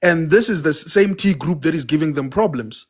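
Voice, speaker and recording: A man's voice: fairly high pitch, lively intonation, fairly quick, breathy edge. A man making blunt, emphatic points in a heated live audio-room debate, with fillers between them. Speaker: debate participant.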